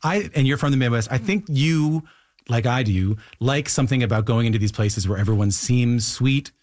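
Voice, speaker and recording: A man from Newfoundland asks his questions in a friendly, chatty way, working through his ideas out loud. His pitch sits in the middle range. The recording is dry and close. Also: lively intonation, moderate pace, no echo. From Newfoundland, Canada. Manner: friendly, chatty, thinks aloud while asking. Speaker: interviewer. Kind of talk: casual interview questions.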